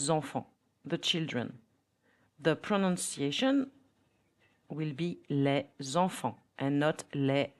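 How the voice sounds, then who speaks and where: A woman's voice: deep voice, darkish tone. A woman with a French accent teaching a podcast language lesson, modelling words carefully for listeners to repeat.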